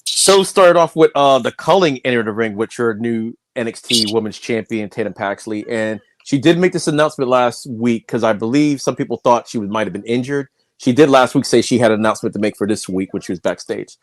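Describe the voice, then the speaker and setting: A man of ordinary pitch talks through a recap in a steady, explanatory way on a casual podcast. His voice sounds dry and close. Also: fairly quick, no room sound. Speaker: podcast co-host recapping wrestling.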